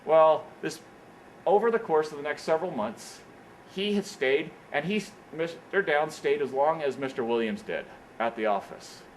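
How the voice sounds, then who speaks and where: At an engineering career event in an indoor meeting room, a man gives a motivational speech in a voice on the high side, telling stories animatedly at normal speed. He keeps repeating "what happens is, is that." The recording is low quality with a little hiss or hum.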